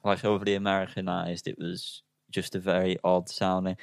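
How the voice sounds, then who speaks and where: A man's voice: low voice, flat delivery, moderate pace, vocal fry, clean tone, dry recording, studio quality. A man co-hosting a casual album review chat, hesitant and self-deprecating, full of ums. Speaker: podcast co-host reviewing albums.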